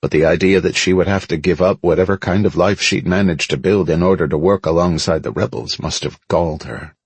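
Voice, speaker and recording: Male audiobook narrator, low husky voice, steady first-person read with dramatic lifts, dry close mic. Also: fairly quick, dry recording.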